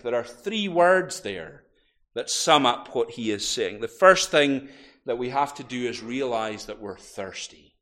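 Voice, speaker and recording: A man preaching a sermon, telling a story vividly and building to loud, emphatic peaks. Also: mid-range voice, lively intonation, a little slow.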